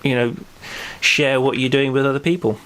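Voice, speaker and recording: A man's voice: medium pitch, steady tone, moderate pace, a bit bright, slight background noise. A man hosting a local podcast in casual chat, rambling with many fillers and restarts. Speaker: podcast host.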